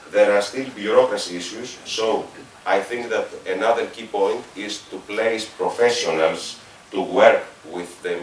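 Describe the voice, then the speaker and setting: A man from Greece with a Greek accent, giving a conference presentation as a regional official, halting with fillers and self-corrections. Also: fairly low pitch, roomy sound, distant mic, a little hiss or hum, rough recording. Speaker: regional managing authority official.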